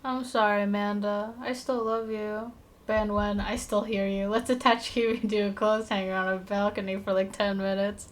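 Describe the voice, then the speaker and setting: A woman streaming live while she draws, chatting casually with her viewers in a playful, rambling, self-mocking way, quick to apologize and laugh. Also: mid-range voice, level tone.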